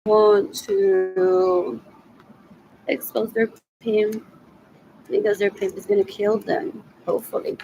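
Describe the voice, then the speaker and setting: A woman's voice: mid-range voice, steady tone, a little slow, creaky, dark tone, slight background noise, low-quality recording. A woman in her forties rambling agitatedly in a solo video monologue. She repeats herself and slips between English and Spanish. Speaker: vlogger asking for money.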